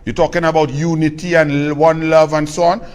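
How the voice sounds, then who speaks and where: A man's voice: a little high, flat delivery, brisk. A man with a Trinidadian accent delivering a scornful, combative political commentary rant.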